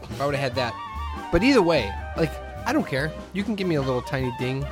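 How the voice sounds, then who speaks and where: A man's voice: on the high side, fast, over music. A man in his thirties, a podcast co-host telling a story in casual chat, acting out what people said. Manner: animated, acts out quoted lines in a raised voice.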